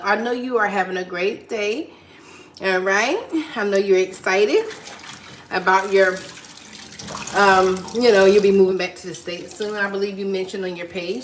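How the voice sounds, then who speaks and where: Woman, live-stream host at home, warm chatty encouragement, repeats herself; phone audio in a reverberant room. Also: on the high side, slight background noise. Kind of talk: casual chat reading viewer comments. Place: at home while cleaning. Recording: echoey room.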